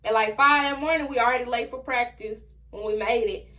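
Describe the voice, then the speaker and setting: A young adult woman telling a personal story straight to her viewers in a casual, slangy, animated way. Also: fairly high pitch, fairly quick. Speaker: vlogger.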